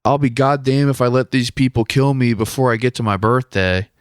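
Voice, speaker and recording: A man's voice: mid-range voice, fairly even intonation, brisk, clean tone, no room sound, studio quality, pitched above the performer's own voice, lightly acted. A man putting on a brash, profane woman in her forties who shrugs off danger and calls herself a survivor. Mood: breezy. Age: 40s. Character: brash streetwise middle-aged woman, tough survivor.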